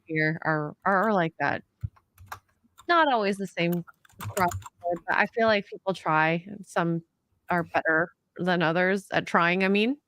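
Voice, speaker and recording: A woman's voice: on the low side, a little slow, a bit bright, a little hiss or hum. A woman co-hosting a podcast, chatting casually, reading out donation messages and laughing easily. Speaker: podcast co-host.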